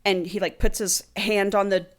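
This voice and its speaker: Woman podcast host recapping a book, swears a lot, mid pitch, super casual. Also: little pitch movement, normal speed. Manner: swears freely, retells animatedly with "he's like". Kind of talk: casual book-club chat, retelling a plot.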